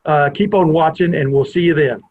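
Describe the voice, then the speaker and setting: A man's voice: on the high side, a little fast, a crowd in the background. A man hosting a podcast, telling a long rambling anecdote from his home and often wandering off on tangents. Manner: rambling, digressive storyteller. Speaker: podcast host. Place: home family room. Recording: tinny phone-like line.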